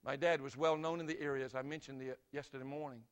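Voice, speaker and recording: An older man, from Greensboro, North Carolina, preaching a sermon by telling a story in an earnest, unhurried way. He drops to a soft hush on key lines. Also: mid-range voice, fairly even intonation, smooth.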